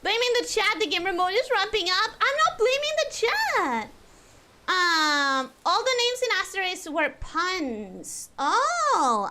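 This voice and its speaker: Very high-pitched bright streamer woman. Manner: chatty, reads chat messages aloud and replies. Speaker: virtual streamer. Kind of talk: live game stream, reading and answering chat.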